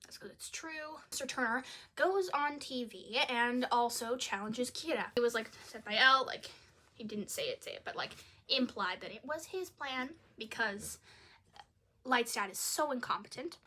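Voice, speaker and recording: A young video creator reviews a film in a casual, chatty way, sounding exasperated and saying "like" often. Her voice is a little high and bright with a forceful tone, at a normal speed.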